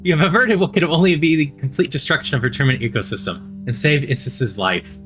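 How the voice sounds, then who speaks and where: A man reading a game playthrough aloud, quick with small stumbles and joking asides. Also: on the high side, a bit bright, soft background music. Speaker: game narrator.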